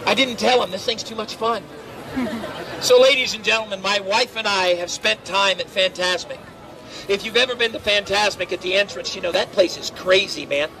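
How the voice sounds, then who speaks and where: A loud, teasing middle-aged man with a fairly high voice entertains a waiting crowd outdoors at a theme park. He tells stories and jokes through a handheld voice amplifier. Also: moderate pace, poor audio. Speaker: theme park crowd-control cast member. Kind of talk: pre-show crowd warm-up storytelling.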